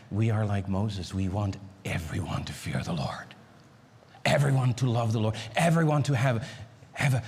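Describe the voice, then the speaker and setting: A man preaching a sermon as pastor, pleading and repeating himself, swinging between high urgent lines and low hushed ones. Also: slightly rough. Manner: pleading, repeats words and restarts. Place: church sanctuary. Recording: long hall reverb in a church.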